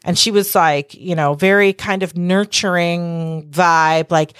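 This podcast host speaks on her own, casually and frankly, cursing often and drifting into tangents and acted-out quotes. She has a low, fairly bright, clean voice with fairly even intonation and a measured pace; the studio sound is clean with no room sound.

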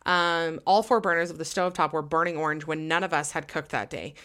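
Low-voiced woman podcast host, excitable. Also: fairly quick. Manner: excitable, heavy use of "like". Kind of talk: casual chat, reading listener stories aloud.

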